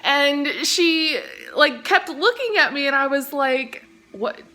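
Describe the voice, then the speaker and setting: This young woman, a Californian-accented vlogger from the Central Valley, speaks slowly in a high, expressive voice with a bright, forceful tone. Filming one-handed on her phone while she cooks in her home kitchen, she rambles through a casual storytime chat, drifting onto tangents, overusing "like" and swearing casually.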